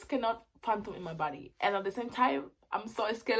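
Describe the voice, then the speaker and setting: A woman in her twenties, a native Spanish speaker, talking in a casual vlog into her phone, swinging between loud excited bursts and quiet reflective stretches. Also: on the high side, normal speed, hardly any pauses. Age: 20s. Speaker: vlogger.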